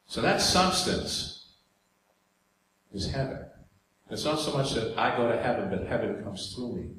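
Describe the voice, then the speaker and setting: A man's voice: mid-range voice, expressive, unhurried, long pauses, a bit bright. Preacher man in a very echoey hall. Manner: conversational preaching with audience asides and jokes. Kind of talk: sermon. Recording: very echoey hall, faint background noise.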